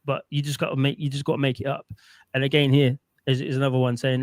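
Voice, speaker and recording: A man's voice: mid-range voice, monotone, fast talker, no room sound. A man doing casual, opinionated commentary while reviewing clips, rambling and often asking "right?". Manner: rambling, repeats himself, asks "right?".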